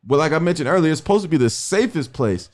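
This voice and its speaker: A man's voice: a little high, expressive, quick pace. A man in an earnest, preaching-style radio discussion who quotes scripture and keeps checking that listeners understand. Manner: earnest, cites scripture, asks "you understand?".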